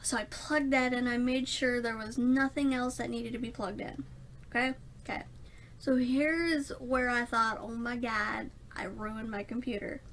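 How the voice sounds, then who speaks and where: A woman's voice: fairly high pitch, steady tone, a little slow, fairly bright tone, slight background noise. A young woman rambling through a casual storytime vlog, self-mocking and laughing often. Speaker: vlogger.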